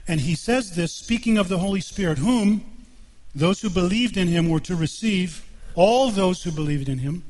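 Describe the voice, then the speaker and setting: A man's voice: sits high, animated, normal speed, darkish tone. A man preaching a sermon in a church, earnest and emphatic, often repeating himself. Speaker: pastor.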